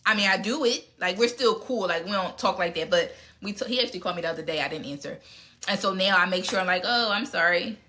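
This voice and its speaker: A woman talks straight and unfiltered as she answers questions from her audience. Her voice is bright and forceful. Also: on the low side, fast. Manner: frank and blunt, with mild cursing. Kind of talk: casual live Q&A talk.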